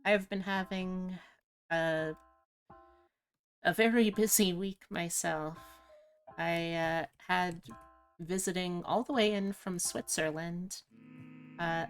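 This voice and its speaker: A woman hosting a live stream, chatting casually with her audience in a low-key, rambling, self-deprecating way. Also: slow, long pauses, faint music behind. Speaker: streamer host.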